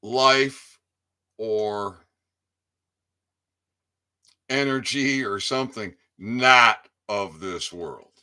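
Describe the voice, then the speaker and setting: Man, low voice, bright edgy tone, rambling monologue, stammers, swears. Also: very slow, pauses often, smooth. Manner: stammers and repeats words, swears freely. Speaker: independent online commentator.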